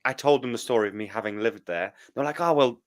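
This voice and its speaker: A man's voice: on the low side, quick pace. Chatty British man hosting a podcast. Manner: chatty, laughs often, teasing. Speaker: podcast host. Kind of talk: casual podcast chat.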